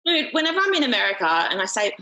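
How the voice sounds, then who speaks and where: Candid young Australian woman, bright voice. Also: on the high side, sing-song, rapid-fire, highs cut off. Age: young adult. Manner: candid, swears freely, many "like" fillers. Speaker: guest. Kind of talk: casual podcast conversation.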